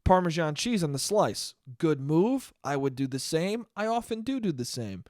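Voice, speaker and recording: He's a solo podcast host whose story wanders, laced with curses and frequent restarts. The voice is a little high and a little mellow, with big pitch swings at a moderate pace, captured in clean studio sound without any room echo.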